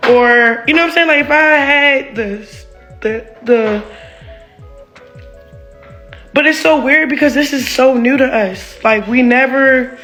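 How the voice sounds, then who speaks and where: A woman's voice: high-pitched, slow, pauses often, bright, forceful tone, soft background music. Woman venting heatedly, profane and rambling. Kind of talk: candid venting monologue.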